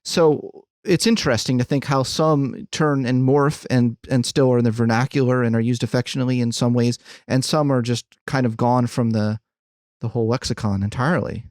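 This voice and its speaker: A man's voice: medium pitch, fairly even intonation, normal speed, a little mellow, no room sound, clean studio sound. A man hosting a podcast, talking in a casual, hesitant way with many fillers and laughs. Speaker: podcast host. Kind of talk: casual interview chat.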